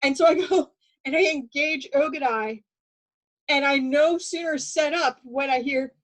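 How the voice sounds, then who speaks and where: A woman with a high voice tells animated stories in a casual chat. She restarts sentences often and laughs between lines. She co-hosts the conversation. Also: measured pace, rough recording. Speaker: podcast co-host.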